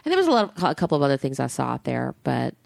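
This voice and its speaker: A woman co-hosting a podcast in casual chat, gushing and animated, swearing freely. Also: extremely low pitch, rapid-fire, creaky, no room sound. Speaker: podcast co-host.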